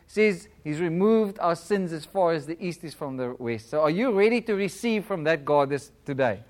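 A man, probably in his thirties, preaching in a church and leading a prayer, speaking in a conversational style with a self-described flat accent. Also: on the high side, moderate pace, few pauses. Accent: non-British English, self-described flat. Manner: warm, conversational preaching with laughs and audience questions. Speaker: guest preacher. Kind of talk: sermon and prayer.

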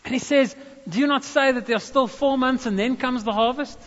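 South African preacher in a reverberant hall. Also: male voice, very high voice, fairly quick, a bit bright. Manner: storytelling preacher, casual asides and "amen" calls. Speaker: pastor. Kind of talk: sermon. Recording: dull reverberant hall sound.

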